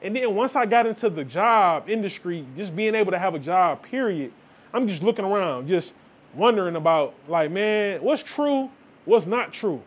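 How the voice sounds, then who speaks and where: A young man with a high, light voice, talking straight to his viewers. He lectures in a loose, preachy way and keeps throwing in "man" and "like". It is a casual motivational vlog monologue. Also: animated, moderate pace, husky. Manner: preachy, repeats "man" and "like", quotes people in asides. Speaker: vlogger.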